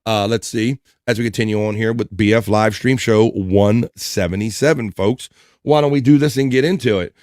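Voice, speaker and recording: A man's voice: fairly low pitch, normal speed, darkish tone, no room sound, clean studio sound. A man hosting a casual livestream, chatting and reading viewer comments aloud with frequent laughs. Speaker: livestream host.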